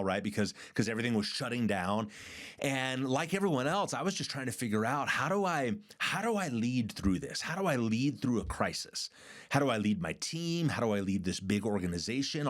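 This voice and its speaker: A middle-aged man hosting a podcast, telling a leadership story in an earnest, emphatic way and repeating words for stress. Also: mid-range voice. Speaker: podcast host and church leader. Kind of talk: storytelling monologue.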